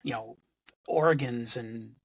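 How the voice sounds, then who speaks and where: A man's voice: mid-range voice, takes it slowly, husky, no room sound. A man, a podcast guest, explaining ideas thoughtfully in conversation, repeating words as he searches for them.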